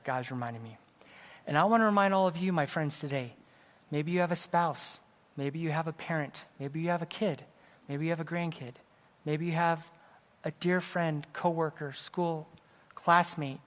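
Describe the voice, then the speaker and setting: A slightly high male voice at a moderate pace echoes in a large hall. He's a middle-aged evangelist from California preaching in a church sanctuary, recounting a personal story in a conversational sermon laced with self-deprecating humor.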